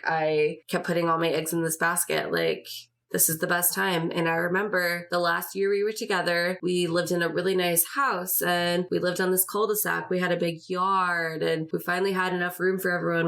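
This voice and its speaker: A woman's voice: on the low side, creaky, a bit bright. A woman in her twenties hosting a podcast, telling her own story in a candid, emotional way and swearing freely. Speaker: podcast host.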